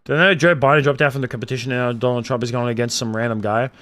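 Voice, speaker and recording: Bright-voiced young man streamer. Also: mid-range voice, racing. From Australia. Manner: animated and opinionated, jumping between loud outbursts and muttered asides. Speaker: streamer reading chat. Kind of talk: casual chat, reading viewer comments aloud.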